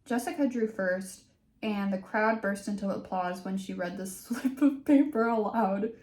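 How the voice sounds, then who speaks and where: A woman's voice: medium pitch, moderate pace, darkish tone, soft background music. A young woman reading a teen novel aloud and breaking off for wry, sarcastic asides. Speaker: book reader and commentator. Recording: roomy echo.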